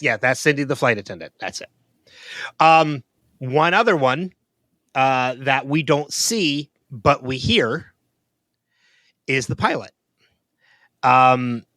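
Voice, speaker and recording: A man's voice: mid-range voice, a bit bright, no room sound. A man co-hosting a podcast, chatting casually and thinking aloud with frequent ums and restarts. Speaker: podcast co-host. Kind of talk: casual chat.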